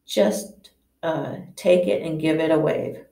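A woman reading aloud and voicing an intense old male wandmaker, who talks in a measured, musing way with hesitant restarts. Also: low-pitched, steady tone, dark tone. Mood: brisk. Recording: echoey room, distant mic.

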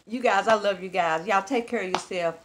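A woman's voice: medium pitch, a little fast, slight background noise. A woman from Texas, talking casually to camera in a folksy, chatty way and laughing easily. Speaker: vlogger.

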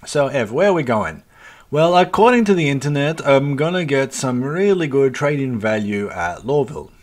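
A man's voice: medium pitch, very animated, normal speed. Swearing man narrating gameplay. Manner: chatty, swears freely, mutters at the game; addresses viewers as folks. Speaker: let's play host. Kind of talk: casual gameplay commentary.

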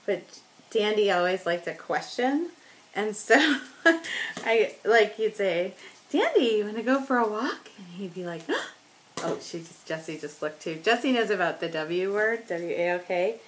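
A woman's voice: fairly low pitch, a little slow, pauses often, slight background noise, low-quality recording. A woman chatting casually as she works on a scrapbook layout, joking about herself and laughing often. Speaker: scrapbooking vlogger. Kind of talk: casual talk while crafting.

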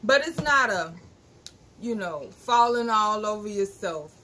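A woman's voice: mid-range voice, expressive, unhurried. A woman, co-hosting a casual live stream and greeting viewers by name. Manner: warm greetings, reads names aloud, easygoing. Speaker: co-host. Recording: faint background noise.

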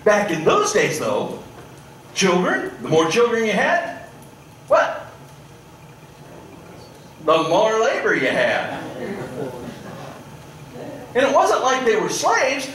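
A male pastor preaching a sermon, swinging between loud, animated stretches and hushed, pointed asides. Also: high-pitched, takes it slowly, long pauses, a little hiss or hum. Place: church sanctuary. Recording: echoey church room, mic at a distance.

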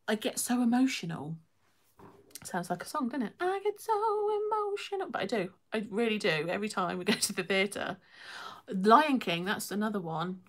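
A woman's voice: medium pitch, a bit bright. A young woman hosting a casual live stream, chatting and reading comments, laughing often and poking fun at herself.

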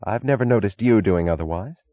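A man's voice: lowish voice, fairly quick, no room sound, lo-fi sound, lightly acted. A man voicing a determined female railroad executive who speaks evenly and directly. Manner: even, direct, businesslike.

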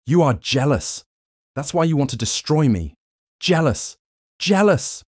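A man's voice: low-pitched, lively intonation, normal speed, no room sound, studio quality. A man reading an audiobook, voicing a proud, bitter android man who pleads and rails against his captors in a raised, strained voice. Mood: furious. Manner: pleading, then shouting in anger.

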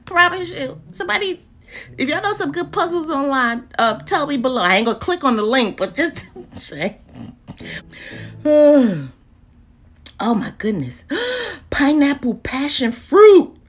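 A woman, chatting casually about deals in a lively vlog, with lots of exclaiming and laughing. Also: high-pitched, unhurried. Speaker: deals vlogger. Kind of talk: casual live chat.

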